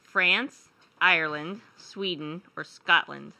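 Bright-voiced woman hosting a quiz. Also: on the low side, slow pace, creaky, poor audio. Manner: upbeat, reading quiz questions. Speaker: radio show co-host running a quiz. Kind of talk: casual quiz banter.

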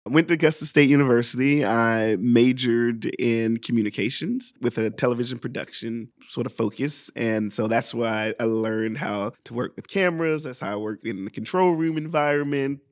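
A man's voice: medium pitch, normal speed, few pauses. A young man from Georgia, a guest on a podcast, chatting casually and rambling a little as he tells his story with self-deprecating humor. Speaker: guest improviser.

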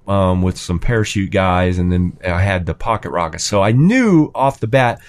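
Man telling an excited, animated story. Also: fairly low pitch. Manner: animated, rises sharply when quoting himself and his son. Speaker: storyteller in a hobby chat. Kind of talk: casual anecdote.

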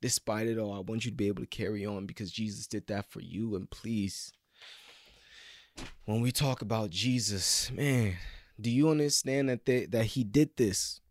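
A man preaching a sermon with passion, swinging between loud pleading and hushed whispers. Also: on the low side, normal speed, no echo.

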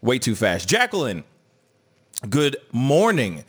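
A man's voice: mid-range voice, wildly swooping pitch, slow, a bit bright, husky. Guy hosting a live stream, rambly and jokey, reading chat comments out. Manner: rambling, joking, reads chat comments aloud. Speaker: host of a live entertainment news stream.

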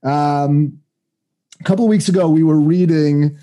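A man's voice: fairly high pitch, steady tone, measured pace, dark tone. A man co-hosting a casual faith talk, chatty and laughing often, retelling a scripture story with restarts. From Jewish community, reads weekly Torah portion. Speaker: podcast co-host. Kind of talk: casual conversation about faith.

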